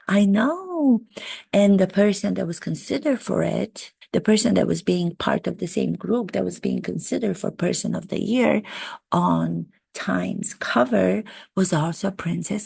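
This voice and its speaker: A woman's voice: on the low side, vocal fry, darkish tone, husky, dry recording, exaggerated voice. A woman doing a comic impression of a self-absorbed royal duchess in her forties, rambling through chatty, self-pitying asides. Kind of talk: satirical impression monologue.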